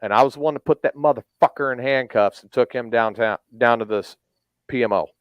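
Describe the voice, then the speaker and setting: A man's voice: mid-range voice, brisk, smooth, no echo. A man telling a blunt, profane story in a casual chat, acting out the quoted lines of each person in it.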